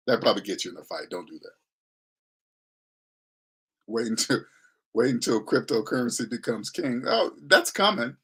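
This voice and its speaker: A man's voice: medium pitch, very animated, normal speed, pauses often, a bit bright, breathy edge. A man giving a blunt, slangy money lecture in a casual monologue. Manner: blunt, lecturing, slangy, mocking voices he imitates. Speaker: finance commentator.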